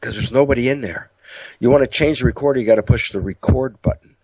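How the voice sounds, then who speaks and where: A man explains the mind in a lecture-style talk, with a middle-pitched voice and a dry, close sound. He tells stories with energy and jumps into higher voices to act out inner dialogue. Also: quick pace, a little mellow, husky, no echo. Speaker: speaker on biology and the mind.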